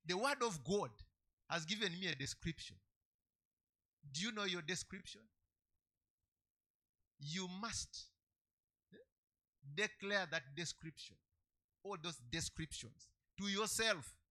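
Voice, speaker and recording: Bright, lively-voiced male preacher. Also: high-pitched, slow, pauses often. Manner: emphatic, repeats key phrases, swings loud and soft. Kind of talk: sermon.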